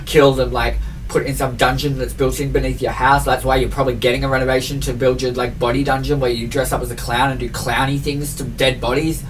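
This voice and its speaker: A man's voice: medium pitch, level tone, fast talker, recorded from a distance, a little hiss or hum, rough recording. A man in his twenties ranting in a chatty vlog, rambling with constant fillers and mocking himself. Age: 20s. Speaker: vlogger.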